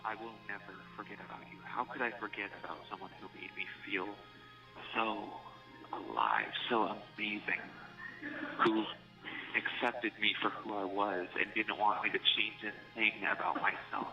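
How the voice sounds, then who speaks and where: A man speaking softly and soothingly to his partner over a jail phone call. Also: fairly low pitch, expressive, moderate pace, gravelly. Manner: soft, soothing and affectionate. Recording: muffled phone recording with faint music.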